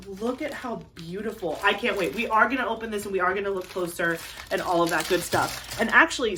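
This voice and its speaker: A woman vlogger gushes through a casual unboxing chat, chatty and full of fillers. She sits a little back from the microphone, and a faint hiss of room noise runs underneath. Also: medium pitch. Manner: gushing, excitable, chatty with many fillers. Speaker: crafting vlogger. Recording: a bit distant from the mic, faint ambient noise.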